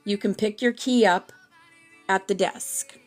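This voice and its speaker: A woman reading the lines of a calm male guide in her own voice, slow and measured. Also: medium pitch, soft background music, close to an everyday voice.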